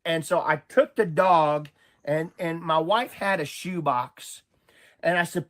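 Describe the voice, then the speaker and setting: High-voiced rambling man from Oklahoma. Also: a little slow, a bit bright. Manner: rambling, repeats himself, stumbles over words. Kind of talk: storytelling testimony.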